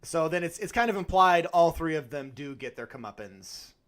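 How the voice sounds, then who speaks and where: Animated man retelling a movie. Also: on the high side, normal speed. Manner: animated retelling with acted-out quotes and frequent laughs. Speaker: podcast co-host. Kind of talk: casual chat.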